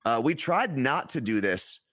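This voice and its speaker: A man's voice: mid-range voice, measured pace. A middle-aged man from New Jersey with a New Jersey accent, co-hosting a casual podcast chat and acting out quotes as he tells stories. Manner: animated storytelling, acts out quotes. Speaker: podcast co-host.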